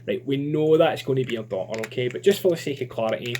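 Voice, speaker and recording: A man's voice: medium pitch, fast talker, a little mellow, slight background noise. A man giving a chatty, informal online creative writing lesson. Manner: chatty and informal, lots of fillers.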